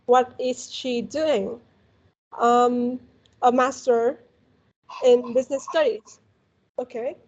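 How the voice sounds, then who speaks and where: A woman's voice: a little high, fairly even intonation, takes it slowly, pauses often, a little mellow, lo-fi sound. A woman with a Vietnamese accent teaching a one-on-one English lesson, patient and encouraging, often saying "very good" and modeling pronunciation.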